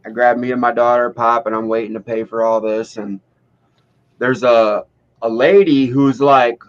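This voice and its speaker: A man in his thirties casually telling a long, profane joke as if it were true, with a rambling, deadpan build-up. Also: medium pitch, moderate pace. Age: 30s. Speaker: storyteller. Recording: dull lo-fi sound.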